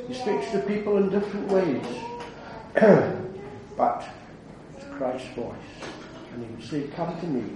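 A man preaching an earnest evangelistic sermon, building to fervent declarations and then dropping low. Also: background noise. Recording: very echoey hall, heard from a distance.

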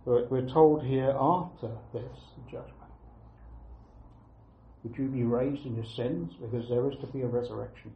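A man preaching a sermon, earnest and emphatic, repeating key phrases with pauses between them. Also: mid-range voice, fairly even intonation, vocal fry. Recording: echoey room, dull lo-fi sound.

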